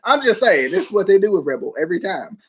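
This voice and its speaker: Casual male podcast host, slightly high voice, laughs and trips over his words. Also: sing-song, fast talker, a bit bright, breathy edge, lo-fi sound. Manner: laughs often, rambling with many restarts. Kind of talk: casual chat.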